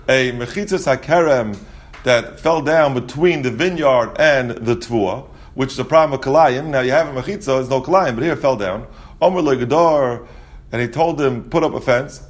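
Guy teaching talmud, sing-songy, keeps asking and answering his own questions. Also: medium pitch. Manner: sing-song explanatory, rhetorical questions, frequent restarts. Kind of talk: Talmud study lesson.

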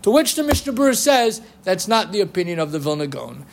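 Man, Torah teacher, high register, lively lecture style with chanted quotes, faint noise. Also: fast, gravelly. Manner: lively, quotes rabbinic sources, chants Hebrew phrases. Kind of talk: halachic lecture.

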